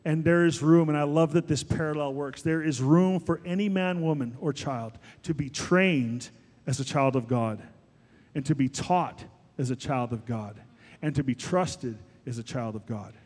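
Man, pastor, sermon, emphatic, somewhat high voice, long hall echo. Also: moderate pace. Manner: animated, emphatic preaching with rising peaks. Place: church sanctuary.

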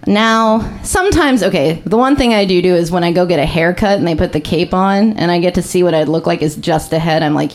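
Offhand woman comic, low voice. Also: normal speed, few pauses, a little mellow. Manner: self-deprecating, offhand. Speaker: stand-up comic. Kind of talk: stand-up comedy set. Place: comedy club stage.

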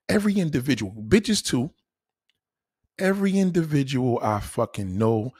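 A man delivering a crude, profane comedic rant to his viewers, swinging between low mutters and loud high exclaims. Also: husky. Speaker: vlogger ranting to camera.

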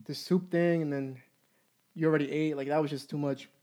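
A man in his twenties telling a story in a casual, candid and profane way, animated as he goes. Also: a little high, a little fast. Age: 20s.

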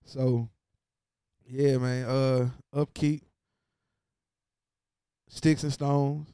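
Smooth-voiced man riffing on his podcast. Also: medium pitch, extremely slow, dry recording, clean studio sound. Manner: animated, repeats himself for emphasis, slangy. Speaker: podcast host. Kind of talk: casual solo podcast monologue.

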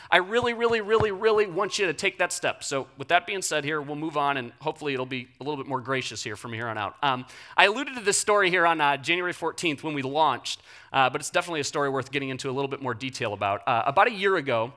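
A young man preaching, a pastor telling a personal story in a blunt, animated way. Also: high voice.

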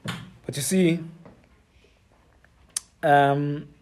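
Male preacher, sermon, earnest and halting, slightly high voice, mellow tone. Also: steady tone. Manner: earnest, halting, with many fillers and restarts.

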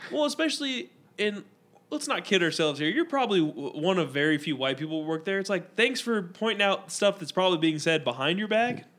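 A man's voice: high voice, animated, fairly quick, a bit bright. A young man co-hosting a podcast, rambling through casual stories and acting out what other people said. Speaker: podcast co-host. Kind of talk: casual storytelling chat.

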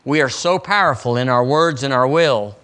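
A man's voice: medium pitch, normal speed, a bit bright. A man preaching a sermon as pastor of a church, in a folksy, conversational way, acting out questions people ask the Lord. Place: church sanctuary.

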